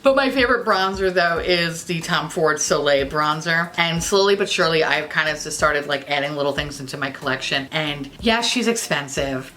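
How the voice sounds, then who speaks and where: Young woman, beauty vlogger; bright, lower-pitched, chatty and profane. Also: animated, normal speed, hardly any pauses, slight background noise. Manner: chatty, swears freely, jokey asides. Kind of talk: casual chat to camera.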